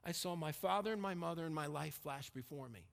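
A middle-aged man preaching a sermon as pastor, emphatic and dropping to a quiet intensity when he tells a personal story. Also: a little high, quick pace, creaky. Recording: long reverb of a hall.

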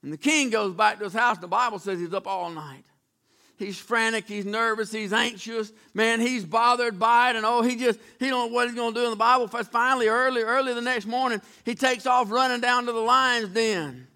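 A man's voice: very high-pitched, fairly even intonation, a little fast, gravelly, sharp tone. A man preaching a sermon, retelling Bible stories in a folksy, dramatic way with acted-out voices. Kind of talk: storytelling sermon.

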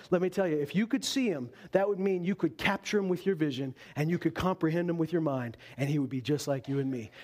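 A man with a notably high voice preaches a sermon. He lifts his pitch for emphatic lines, then drops to hushed, drawn-out phrases. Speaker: pastor.

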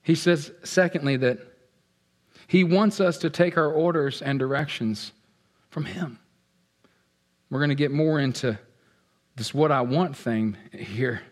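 A man delivering a sermon in an animated, playful way. His voice sits fairly high and swings from loud punchy lines to quiet, hushed asides as he acts out what people feel. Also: measured pace, pauses often. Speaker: pastor.

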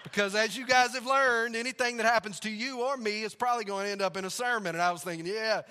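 A male pastor preaching a sermon in a church, telling stories in a relaxed, conversational way. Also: high-pitched, fast talker, clean tone. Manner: conversational storytelling, laughs along. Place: church sanctuary. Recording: reverberant church hall.

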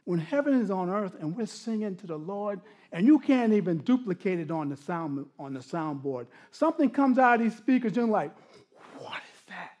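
Man, middle-aged, pastor, sermon, high-pitched, laughs through stories, animated then hushed. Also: brisk, hardly any pauses. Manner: animated storytelling that drops to hushed, intimate tones; laughs often while telling stories.

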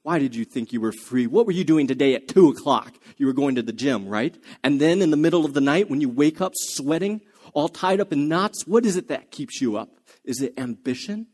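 Man doing a taunting older male prisoner, intense, fires off questions in a slightly high voice. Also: lively intonation, brisk, darkish tone. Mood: menacing. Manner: taunting, barking rhetorical questions.

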